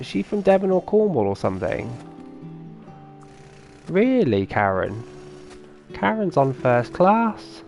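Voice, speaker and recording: A man's voice: medium pitch, a little mellow. A man streaming a farming game, chatting casually and answering his viewers' comments as he plays. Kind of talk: casual live-stream chat.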